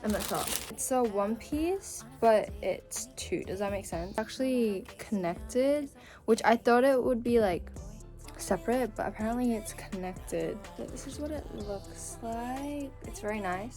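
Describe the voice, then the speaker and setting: A teenage girl chatting casually as she narrates her own vlog, breezy and self-mocking. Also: on the high side. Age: teens. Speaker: vlogger. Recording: loud background music.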